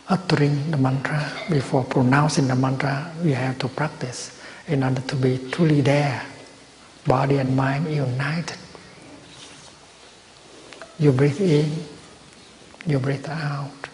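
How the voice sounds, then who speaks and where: A man giving a Buddhist dharma talk at a retreat, speaking slowly and gently with measured pauses. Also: mid-range voice. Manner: slow, gentle, measured phrasing with long pauses. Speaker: Buddhist teacher. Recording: roomy hall with long reverb and faint noise.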